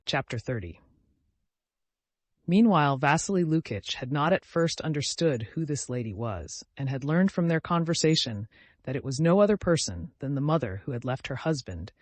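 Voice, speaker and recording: Guy reading a classic novel audiobook, calm and even, dry studio sound. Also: medium pitch, no echo. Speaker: audiobook narrator. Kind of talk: scripted narration of a classic novel.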